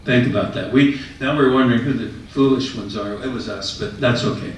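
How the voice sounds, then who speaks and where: A man telling a personal story to an audience in a conversational, animated way. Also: mid-range voice, fairly quick, slight background noise. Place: retirement residence common room. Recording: echoey room, mic far off.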